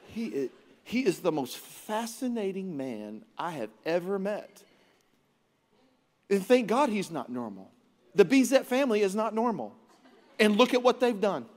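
A man in his thirties preaching a sermon to a church congregation, energetic and joking, now and then mimicking his children. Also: high-pitched, measured pace. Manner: energetic, joking, acts out his kids' voices. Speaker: pastor. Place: large church auditorium. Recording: reverberant church hall.

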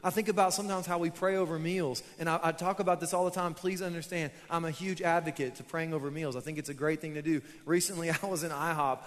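Young pastor guy preaching, kinda high voice, laid-back jokey delivery, long hall echo. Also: steady tone, fast, few pauses. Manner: casual, storytelling preacher who laughs at himself. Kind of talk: sermon. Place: church auditorium.

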